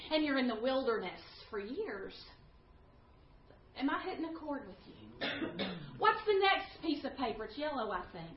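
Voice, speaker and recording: Lady bible teacher preaching to a class, really high voice, echoey room. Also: sing-song, normal speed. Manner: passionate, questions the audience. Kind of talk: sermon-style teaching to a live class. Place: teaching room with a small audience. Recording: echoey room, dull lo-fi sound.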